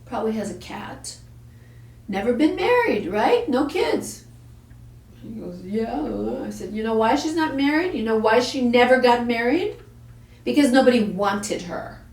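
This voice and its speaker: A little high and animated, her voice is a little slow and slightly mellow, captured far from the mic in an echoey room. The woman hosts a parenting talk and tells a story bluntly with profanity, acting out the people she quotes.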